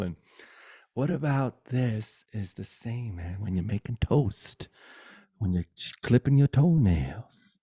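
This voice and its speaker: A man giving a spiritual satsang talk over a video call, soft and unhurried, often dropping to a whisper. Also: lowish voice, gravelly, no room sound, studio quality. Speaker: spiritual teacher.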